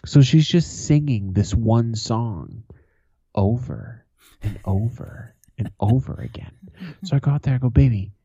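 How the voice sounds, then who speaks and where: A man's voice: medium pitch, big pitch swings, a little slow, vocal fry, dark tone, slightly rough, no echo. A man in his thirties co-hosting a podcast, telling profane stories in casual banter and laughing often. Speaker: podcast co-host. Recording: dull lo-fi, dry.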